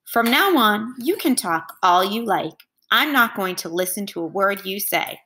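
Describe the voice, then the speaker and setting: A woman's voice: mid-range voice, animated, unhurried, sharp tone. A woman voicing a big male elephant who speaks earnestly and firmly.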